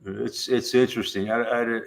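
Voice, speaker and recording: A middle-aged American livestream host has a creaky, mid-range voice with fairly even intonation. His chat is relaxed and rambling, full of free swearing, frequent laughter, and slow, drawn-out speech.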